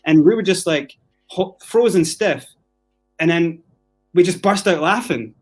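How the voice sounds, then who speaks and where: A man from Scotland tells his story as a podcast guest. His voice sits a bit high for a man, and he talks with swearing and animated acted-out quotes. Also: a little slow, soft background music. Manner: animated, profane, acts out quotes.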